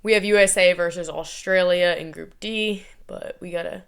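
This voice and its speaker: A woman's voice: on the low side, steady tone, normal speed, clear, resonant tone. A young woman from the United States talks to her viewers in a loose, chatty vlog. She is playful and self-mocking, rambling along at an easy pace and often laughing at herself. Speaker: vlogger. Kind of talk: casual chat.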